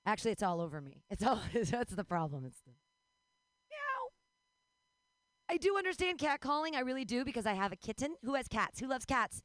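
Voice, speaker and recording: A woman's voice: a little high, sing-song, fast, hardly any pauses, dry recording. A woman in her forties doing a rambling, bawdy stand-up comedy set, breaking into squeals and laughs. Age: 40s.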